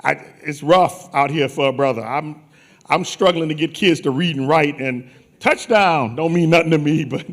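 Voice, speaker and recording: A man from New Orleans hosting a conference on stage, bantering and teasing people in playful, joking chatter. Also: on the high side. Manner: teasing, animated, quick jokes. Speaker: conference host.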